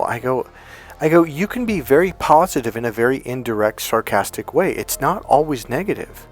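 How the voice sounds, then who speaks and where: Soft music plays under a male relationship coach's casual motivational talk, delivered briskly and expressively in a mid-range voice. He chats along, retelling conversations through quoted dialogue.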